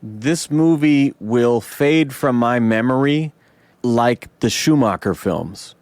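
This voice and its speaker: A man hosting a casual film podcast, animated and quick to swear and vent out loud. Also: mid-range voice, no room sound. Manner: animated, swears and vents loudly. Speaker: podcast host.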